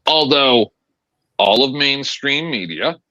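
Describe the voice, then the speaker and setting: A man's voice: medium pitch, expressive, takes it slowly, pushed and bright, no room sound. A man as a panelist in casual live-stream talk, sarcastic. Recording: dull lo-fi mic.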